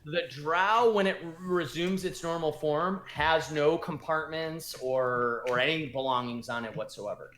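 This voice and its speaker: A man's voice: on the high side, a little slow, few pauses, a bit bright. Laid-back man running a tabletop game. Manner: laid-back, rambling with fillers. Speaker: game master. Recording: roomy echo.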